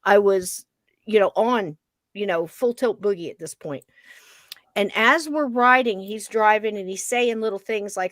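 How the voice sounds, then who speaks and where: A woman's voice: mid-range voice, a little slow, dry recording. Woman telling a tense personal story. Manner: animated, acts out the scene, many "you know" fillers. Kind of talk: personal story told in casual chat.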